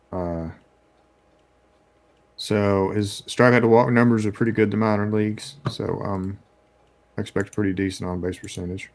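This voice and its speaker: A man co-hosting a casual chat, measured and hesitant as he cites numbers. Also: lowish voice, fairly even intonation. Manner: measured, stat-citing, hesitant with fillers. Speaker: podcast co-host.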